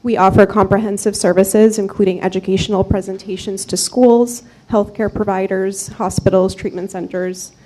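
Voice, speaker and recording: A soft-spoken woman, a clinical psychology fellow, giving prepared remarks at a city meeting, with small fillers. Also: mid-range voice, steady tone, normal speed, few pauses, rough recording. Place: city commission chamber.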